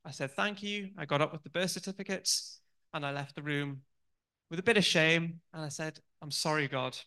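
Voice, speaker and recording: A man's voice: on the high side, moderate pace, bright, forceful tone, clean tone. A man in his thirties giving a sermon, telling personal stories in a chatty, candid way with many ums and restarts. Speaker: church speaker.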